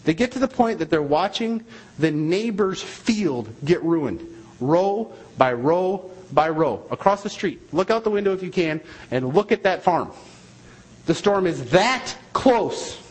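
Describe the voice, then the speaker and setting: A man's voice: high voice, animated, a little slow, breathy edge, poor audio. A man, a missionary, preaching a sermon and telling a story in an emphatic, repetitive way.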